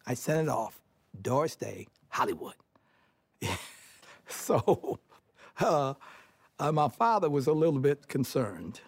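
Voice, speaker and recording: An older man from Detroit, USA, recalling his childhood in an interview as an animated storyteller who chuckles as he talks and acts out family dialogue. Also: medium pitch, slow pace, pauses often, slightly rough, no room sound.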